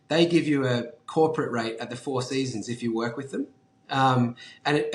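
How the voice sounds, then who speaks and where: A man telling stories casually as an interview guest, chatty and laughing often, with casual swearing. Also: medium pitch. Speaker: interview guest, business founder. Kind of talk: casual storytelling. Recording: echoey room.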